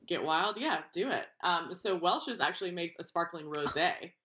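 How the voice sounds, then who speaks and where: Lower-pitched woman co-host, chatty and animated, acts out voices. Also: normal speed. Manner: animated storyteller, acts out quoted voices, laughs often. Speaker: podcast co-host. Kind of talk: casual chat.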